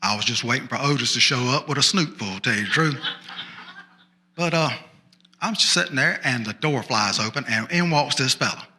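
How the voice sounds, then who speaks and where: A man's voice: mid-range voice, animated, a little fast, sharp tone. A man telling a folksy tall tale as a small-town sheriff, drawling and chatty, with repeated asides to the audience. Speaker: storyteller. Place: storytelling festival stage.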